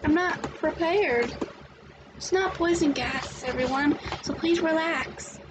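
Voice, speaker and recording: Young woman, high voice, amateur fan dubber trading quick lines; noisy home recording. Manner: quick reactive lines, swears often. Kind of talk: amateur fan voice dub, reading several roles.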